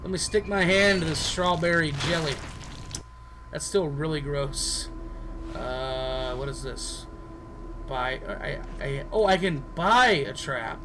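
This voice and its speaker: Here a man jokes his way through a game as a let's player, keeping it casual and goofy and talking to the on-screen characters. He speaks slowly in a slightly high voice, with background noise in the recording.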